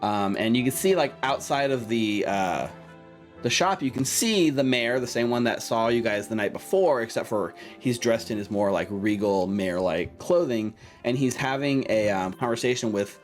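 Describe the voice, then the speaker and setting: A man's voice: mid-range voice, animated, normal speed, faint music behind. A young man narrating as game master, rambling with many fillers.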